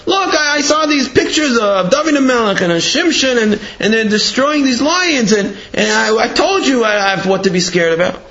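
A man's voice: sits high, unhurried, gravelly, pushed and bright, voice pushed up, exaggerated voice. A man voicing a fearful young male lion cub who stammers and pleads. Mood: frantic. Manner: whiny, stammering pleas. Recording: dull lo-fi recording.

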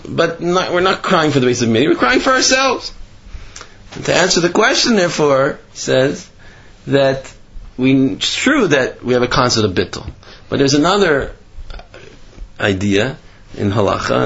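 Man, Torah sermon, animated storytelling, husky voice, dull lo-fi sound. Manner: animated storytelling, rising in pitch for emphasis. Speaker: religious teacher.

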